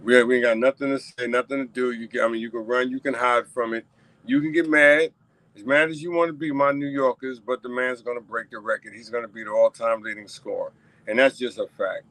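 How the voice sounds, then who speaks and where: A man's voice: medium pitch, steady tone, fairly quick, fairly bright tone, no room sound, poor audio. A man hosting his own talk show, riffing emphatically and repeating himself as he speaks straight to his viewers. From New York. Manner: emphatic, repetitive, addresses viewers directly. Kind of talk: casual solo commentary.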